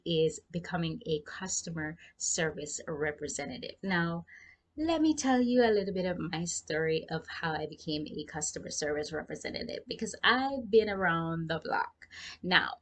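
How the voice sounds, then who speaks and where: A young woman with a Jamaican accent shares work tips in a relaxed vlog. Her voice sits a little low. She sounds chatty and speaks straight to the viewer. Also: normal speed. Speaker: freelancing vlogger. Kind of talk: casual advice vlog.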